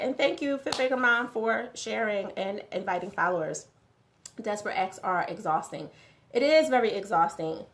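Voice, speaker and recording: A woman hosting a morning motivational live stream. She talks conversationally, repeats phrases for emphasis and answers viewers' comments as they come in. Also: medium pitch.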